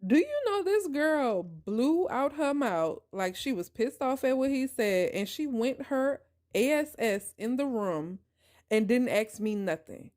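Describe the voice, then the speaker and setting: A woman hosting a podcast, telling a personal story in an emphatic, animated way and talking straight to her listeners. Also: a little high, unhurried. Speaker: podcast host.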